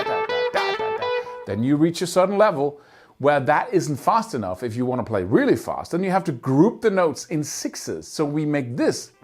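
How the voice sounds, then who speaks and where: A man teaching guitar, explaining picking technique earnestly and emphatically, often sounding out rhythms with syllables. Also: fairly high pitch. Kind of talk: instructional talk to camera.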